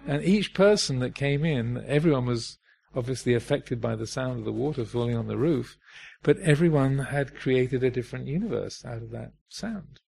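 Gravelly man giving a dharma talk. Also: medium pitch, animated, darkish tone. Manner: reflective, halting, many fillers and restarts. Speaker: Dharma teacher.

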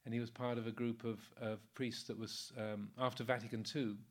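In an informal talk on the Dharma, a male Buddhist monk in his sixties rambles through anecdotes at ease, laughing softly and using many fillers. His pitch is medium and his pace fairly quick.

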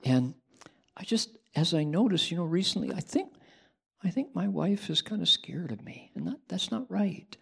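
A man's voice: sits high, sing-song, gravelly, a bit bright, slightly rough, pitched above the performer's own voice, heavily acted. A man voicing an eager male newspaper reporter who confides his struggles in a raised, earnest voice. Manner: earnest, confiding, talks in quick bursts.

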